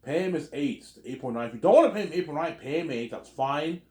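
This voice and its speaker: A man's voice: fairly high pitch, animated, quick pace, warm tone. A man acting out an imagined argument by himself, playing every side in an over-dramatic, repetitive way. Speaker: video creator. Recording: roomy echo.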